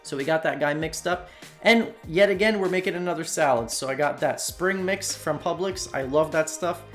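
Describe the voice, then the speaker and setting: A man's voice: on the high side, moderate pace, a bit bright, soft background music. A man from Slovakia narrating a cooking voiceover in a casual, chatty way, talking straight to his viewers. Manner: casual, chatty, addresses viewers as "you guys". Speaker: cooking channel host. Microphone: voiceover recorded separately from the video.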